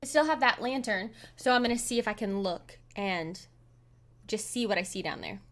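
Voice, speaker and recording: A woman player in a tabletop game, excitable and quick to gasp. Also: medium pitch. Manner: excitable, gasping reactions. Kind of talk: casual tabletop game play.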